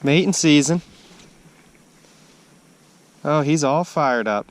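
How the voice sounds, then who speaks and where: An excitable man talking casually to the camera, outdoors on a frozen lake, with a faint outdoor hush behind him. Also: a little high, takes it slowly. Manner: excitable, exclaims loudly when he lands a fish. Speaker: angler filming his fishing trip. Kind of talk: casual running commentary.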